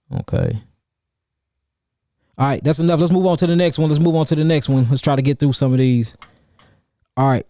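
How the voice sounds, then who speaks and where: Male host, fairly high voice, dry close sound, animated live Q&A delivery with lots of repetition. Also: dry recording. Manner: animated, calls out chat names and repeats himself for emphasis. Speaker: herbalist host answering viewer questions. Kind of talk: livestream Q&A, casual and preachy.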